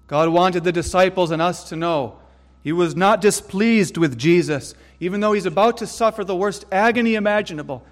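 A man preaching a sermon in a slow, deliberate style, using emphatic repetition. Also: fairly high pitch. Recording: long hall reverb.

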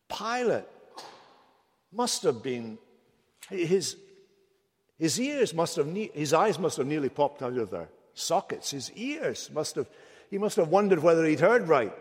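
A man's voice: high voice, a little mellow. A middle-aged man preaching a sermon, dramatic, rising to impassioned rhetorical questions. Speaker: pastor. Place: church sanctuary. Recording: long church reverb.

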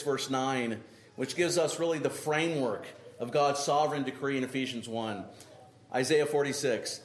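A man preaching a sermon, emphatic, often checking in with the congregation with a quick "right?". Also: a little high. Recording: echoey room with faint noise.

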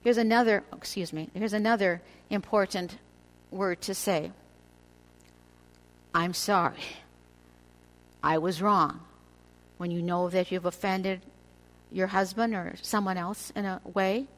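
An older woman giving a devotional teaching to women, speaking in a measured, earnest way and slowing down for emphasis. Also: mid-range voice, fairly even intonation, low-quality recording.

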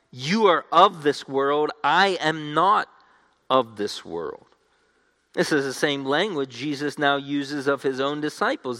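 High, bright-voiced man preaching in a reverberant hall. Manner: emphatic, restating each point in repeated phrases. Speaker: pastor. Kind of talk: expository sermon. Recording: long reverb of a large hall.

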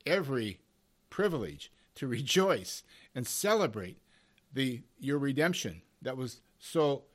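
A male preacher delivers a Bible lesson at a middle pitch. He presses his points with mounting emphasis and rapid rhetorical questions, then drops into quieter, weightier phrases, calling his hearers beloved. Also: very animated. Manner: emphatic, with rising and falling intensity and rhetorical questions; addresses listeners as "beloved". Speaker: Bible teacher.

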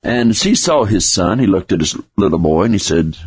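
A man's voice: low-pitched, expressive, a little fast, breathy edge. A man preaching a sermon in a folksy manner, acting out everyday parent and child dialogue to make his points. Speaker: pastor.

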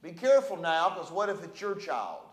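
A man's voice: fairly high pitch, sing-song, normal speed, roomy sound. A man preaching a sermon as pastor, fervent and repetitive with emphatic delivery.

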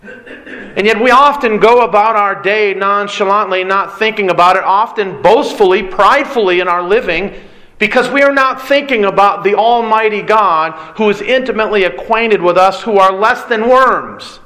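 Bright-voiced earnest man preaching. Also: high voice, low-quality recording. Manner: earnest, emphatic preaching with pauses and repetition. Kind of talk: sermon.

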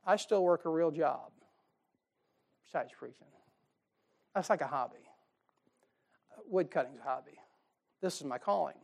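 At the pulpit of his church sanctuary, a middle-aged man preaches a sermon to his congregation in a homespun, joking way. His gravelly voice is expressive and unhurried, climbing into loud, emphatic bursts and dropping low for quiet asides, with frequent pauses.

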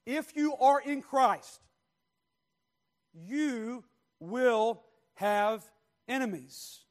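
A man preaching a sermon, speaking in slow, stressed phrases that swing from quiet to loud. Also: very high voice, animated. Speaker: pastor.

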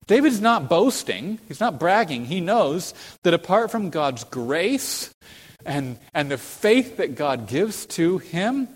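A man's voice: sing-song, moderate pace. Earnest male preacher in a reverberant hall. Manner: builds to fervent, high-pitched emphasis when quoting scripture; earnest, explanatory, addresses the congregation with questions. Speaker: pastor. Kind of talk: sermon.

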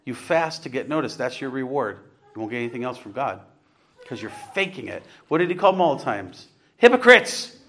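A man's voice: mid-range voice, lively intonation, brisk, slight background noise. A man preaching an earnest, conversational sermon, rising to emphatic points and putting questions to his congregation. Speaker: pastor.

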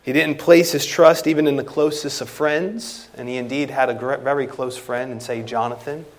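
A man preaching an expository sermon and quoting scripture, with emphatic loud stresses that drop to quiet trailing phrases. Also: mid-range voice, fairly even intonation, moderate pace.

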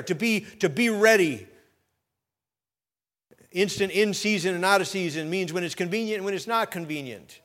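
A man, a pastor, preaching a sermon with emphatic rising bursts and light jokes to the congregation. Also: high voice.

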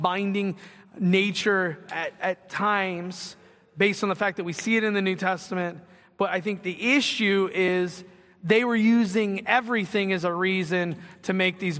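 High-voiced man preaching in a reverberant hall. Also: pushed and bright. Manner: conversational preaching with asides and acted quotes. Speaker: pastor. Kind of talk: sermon. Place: church sanctuary.

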